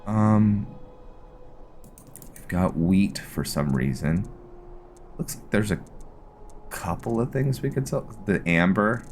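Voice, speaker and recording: A man hosting a let's play video, giving relaxed, casual gameplay commentary and thinking aloud with fillers. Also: lowish voice, slow, pauses often, slight background noise.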